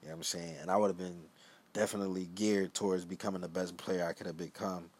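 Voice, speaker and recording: Young Philly guy hosting solo, rambling casual talk, lowish voice, mumbled tag-ons. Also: flat delivery, fast talker, a little mellow. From Philadelphia. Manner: loose, rambling, drops into low mumbled asides. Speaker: podcast host.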